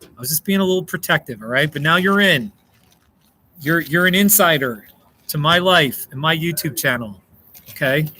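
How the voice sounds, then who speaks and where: A man's voice: fairly high pitch, expressive, moderate pace, sharp tone, slight background noise. An American man hosting a casual live stream, chatting with viewers, thanking them by name and laughing often. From United States. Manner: chatty, reads out and answers chat, laughs often. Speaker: livestream host.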